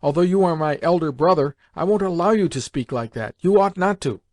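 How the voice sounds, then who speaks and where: A man's voice: mid-range voice, lively intonation, a little fast, darkish tone, no echo, studio quality, lightly acted. A man voicing a young woman, an earnest younger sister, speaking in a raised, insistent, reproachful way. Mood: indignant.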